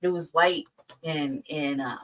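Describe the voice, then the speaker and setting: A woman chatting casually on a podcast, telling animated, profane stories and laughing often. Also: low-pitched, unhurried, far from the mic, slight background noise, rough recording. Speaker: podcast co-host. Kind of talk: casual storytelling chat.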